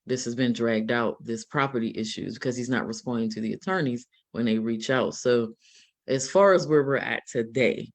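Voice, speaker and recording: A man's voice: medium pitch, normal speed. A man hosting a live stream discussion, speaking hesitantly with many fillers as he sums up a case. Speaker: host.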